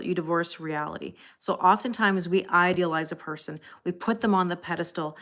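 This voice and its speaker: Woman, tarot reader, casual live stream, fairly low pitch, talkative. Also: fairly bright tone. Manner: chatty, answers viewers' comments by name, laughs often.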